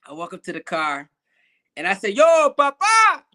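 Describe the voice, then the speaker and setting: A man, an actor and comedian guest, telling a comic story in an interview, animated and slipping into put-on voices and Spanish phrases. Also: on the high side, brisk.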